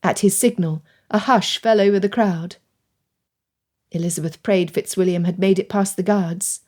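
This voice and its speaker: A woman reading a period romance audiobook aloud with an expressive, dramatic delivery. Her voice sits in a middle range. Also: mid-range voice, normal speed. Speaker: audiobook narrator. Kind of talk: scripted narration.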